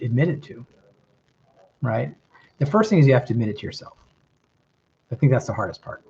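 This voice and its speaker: In a casual livestream chat, a middle-aged host with a mild metropolitan Southern accent reflects calmly as he reads viewer questions and gives advice, filling gaps with um and right. His medium-pitched voice is creaky and slightly rough, carried by slightly dull lo-fi stream audio.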